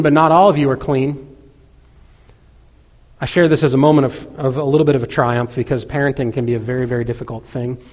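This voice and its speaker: A man's voice: medium pitch, a little mellow, in a large hall. A man in his thirties preaching a sermon in a conversational way, with lots of casual asides. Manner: conversational preaching with many filler 'like's. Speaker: pastor.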